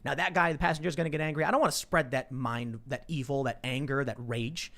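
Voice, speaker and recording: A man's voice: medium pitch, steady tone, fast talker, vocal fry, fairly bright tone. A man hosting a podcast, telling stories in casual chat and acting out the people he quotes. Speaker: podcast host.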